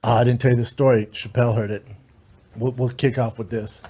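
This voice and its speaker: A man hosting a podcast, retelling a story in an emotional, profane, animated way with acted quotes. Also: mid-range voice, fairly quick, slightly rough. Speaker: podcast host.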